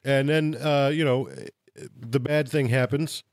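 Profane, animated man retelling game lore. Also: mid-range voice, unhurried, no echo, clean studio sound. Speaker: podcast co-host. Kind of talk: casual chat about tabletop game lore.

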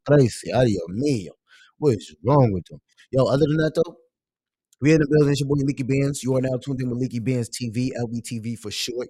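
A husky-voiced man hosting a live stream, talking loosely and casually and swearing freely. His voice jumps up sharply whenever something excites him. The sound is close and dry. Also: medium pitch, no echo. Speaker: livestream show host.

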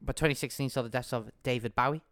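A man co-hosting a music podcast, chatting in an animated way and laughing often. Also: medium pitch, quick pace, dry recording, clean studio sound. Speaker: podcast co-host. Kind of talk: casual chat.

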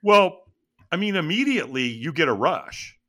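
A middle-aged man telling his story as an interview guest, acting out his own past lines with sudden leaps in pitch. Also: sing-song, moderate pace, sharp tone. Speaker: podcast guest.

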